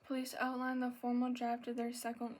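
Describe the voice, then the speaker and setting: A woman reads aloud in a soft ASMR voice, breathy and a little out of breath. Her voice sits fairly high but stays flat and even, with few rises or falls. She trips over words, apologizes, and now and then sinks into a whisper. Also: a little fast. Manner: soft reading with stumbles and apologies, slipping into whispers. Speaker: ASMR channel host.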